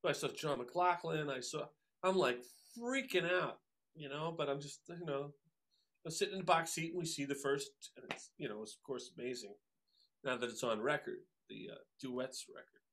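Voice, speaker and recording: A man, a drummer telling stories as a guest, animated and acting out the voices of people he quotes. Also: a little high, normal speed. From Long Island, New York. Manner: animated, acts out quoted voices, many fillers. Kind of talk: casual storytelling interview.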